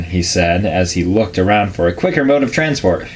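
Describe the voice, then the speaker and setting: A man giving a deadpan, casual reading of a crude comedic fan story, with offhand asides. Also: low voice, normal speed, a little hiss or hum.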